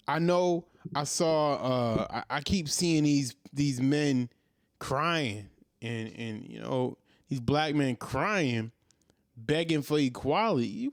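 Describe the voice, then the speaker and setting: A man's voice: on the high side, dry recording, clean studio sound. A man in his thirties hosting a commentary show, ranting in a heated, profane monologue full of repeated rhetorical questions. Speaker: commentary host.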